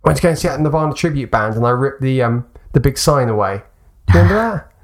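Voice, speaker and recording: A man's voice: mid-range voice, expressive, quick pace. A man co-hosting a casual chat show, telling anecdotes and laughing often as he goes. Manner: chatty, laughs a lot, puts on voices for anecdotes. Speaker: podcast co-host.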